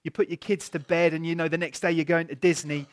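A man preaching a sermon, telling stories in a chatty, animated way and asking the listeners rhetorical questions. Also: fairly high pitch, fast talker.

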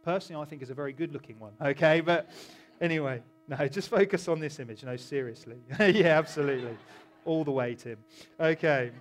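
Man, middle-aged, pastor, informal sermon, church, slightly high voice, self-interrupting. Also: fairly quick. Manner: chatty, self-interrupting, jokes with the congregation. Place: church hall.

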